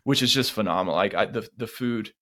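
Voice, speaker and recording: A man, co-hosting a podcast and telling stories in animated casual chat, acting out the lines of the people in them. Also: on the low side, fast. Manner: animated storyteller who acts out quotes. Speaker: podcast co-host.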